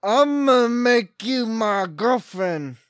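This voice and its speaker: A man's voice: very high voice, expressive, takes it slowly, fairly bright tone, clear, resonant tone, no echo, clean studio sound, heavily acted. A man voicing Pepe, a crude, lovestruck guy who swears bluntly in a comedic improv role-play.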